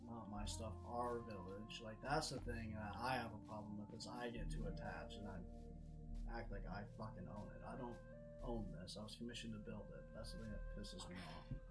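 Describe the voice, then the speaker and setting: A man's voice: on the low side, steady tone, normal speed, poor audio. A young man streaming a game, telling a frustrated story in a casual, swear-heavy rant. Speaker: gaming streamer. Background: background music.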